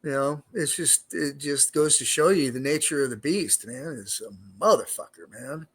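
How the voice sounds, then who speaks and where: A man's voice: a little high, moderate pace, a bit bright, slightly rough. A middle-aged man telling his own prison stories in a casual interview, streetwise and profane, rambling with lots of fillers. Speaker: guest, former prisoner.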